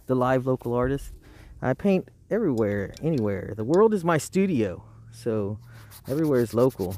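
A man's voice: medium pitch, darkish tone. A man hosting a casual live painting stream outdoors by the roadside, rambling and talking to himself with frequent chuckles.

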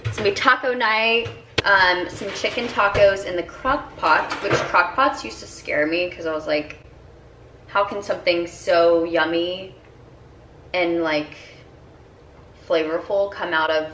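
Casual woman vlogger, bubbly and rambling, slightly low voice, faint background noise. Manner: chatty and bubbly, lots of "like" and "um". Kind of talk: casual day-in-the-life vlog chat.

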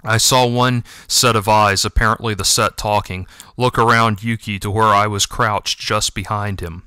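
A man reads a first-person story aloud in a gentle, reflective, wistful way. His voice is fairly low yet bright, smooth and crisp. The recording is close and dry. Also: steady tone, normal speed, no room sound. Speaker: audiobook narrator and author. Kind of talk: first-person audiobook narration.

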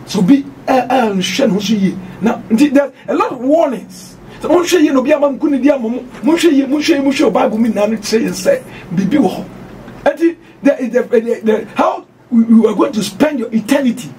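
Ghanaian guy preaching hard, really high voice, kinda far from the mic. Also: a little hiss or hum. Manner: emphatic, switching between Twi and English, bursts of shouting. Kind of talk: preaching on doctrine.

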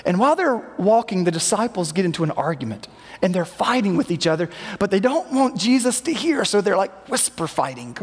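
A man with a fairly high voice preaches to his congregation in an easy, conversational manner. He now and then acts out quoted lines. His voice carries a long reverb from the church hall around him. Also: very animated, moderate pace, breathy edge. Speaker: pastor. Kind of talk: sermon. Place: church sanctuary.

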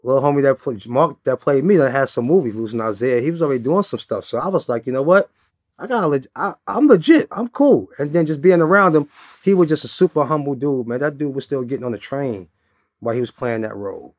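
A man's voice: mid-range voice, fast, no room sound, clean studio sound. A man from New York, a guest in an interview, telling stories in a loose, laid-back way and often adding "you know what I'm saying". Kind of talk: casual storytelling interview.

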